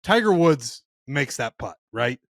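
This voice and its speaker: Earnest, reflective podcast co-host. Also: male voice, mid-range voice, very animated, a little slow, dry recording, studio quality. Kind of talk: casual chat.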